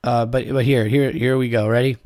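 A man's voice: mid-range voice, flat delivery, fairly quick, a little mellow, dry recording, studio quality. A middle-aged man hosting a podcast, telling listeners a profane, angry, rambling story with lots of restarts. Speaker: podcast host.

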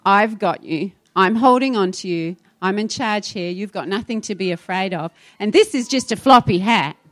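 A woman pastor speaking to a church, telling a story in a lively, animated way with acted-out quotes. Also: mid-range voice.

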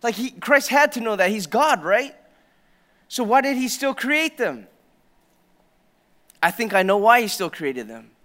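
Guy pastor preaching in church, high voice, goes quiet then loud and punchy. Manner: storytelling, swings from hushed to loud and emphatic. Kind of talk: sermon. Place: church sanctuary.

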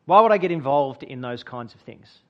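Earnest minister preaching, lo-fi. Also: male voice, mid-range voice, expressive, fairly quick. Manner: earnest storytelling, builds to emphatic peaks then drops quiet. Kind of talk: sermon with personal story.

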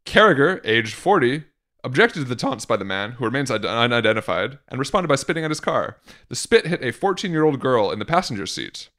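A man's voice: mid-range voice, big pitch swings, brisk, fairly bright tone. A man co-hosting a casual podcast, reading news items aloud with sarcastic asides. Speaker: podcast co-host.

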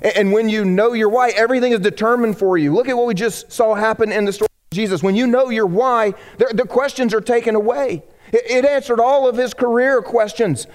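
A man's voice: extremely high pitch, a little fast, in a large hall. A man preaching a sermon as pastor, in a conversational way that jokes with the congregation. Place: church sanctuary.

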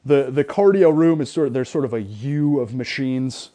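A young man co-hosting a casual sports podcast, retelling a gym story in an animated way with lots of restarts. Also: medium pitch, moderate pace. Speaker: podcast co-host.

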